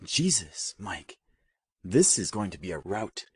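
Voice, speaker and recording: A man's voice: low voice, very animated, takes it slowly, a little mellow, breathy edge, no room sound, clean studio sound, full character voice. A man voicing a tough, wisecracking young woman sniper, brash and swearing, in an audiobook. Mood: tense, defiant. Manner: brash, swearing, nervous bravado.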